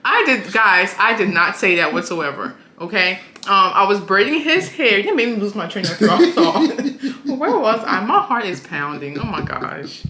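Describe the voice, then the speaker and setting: A woman's voice: mid-range voice, sing-song, moderate pace, pushed and bright, echoey room, poor audio. A woman in her thirties, a family vlogger, chatting casually about how she met her husband, flustered and giggly, often tacking on "okay?". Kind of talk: casual storytelling chat.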